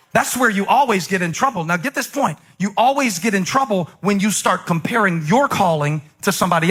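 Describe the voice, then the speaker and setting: Middle-aged male preacher, bright and forceful tone, chatty delivery that builds to emphatic peaks, jokes with the congregation. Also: sits high, husky. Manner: conversational, with sudden emphatic surges. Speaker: pastor. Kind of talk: sermon.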